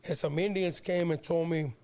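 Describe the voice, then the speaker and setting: Gravelly high-voiced older man telling stories. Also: fairly even intonation, normal speed, darkish tone. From San Diego, California. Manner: rambling, repeats words, street slang. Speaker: interview guest, rapper. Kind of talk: casual storytelling.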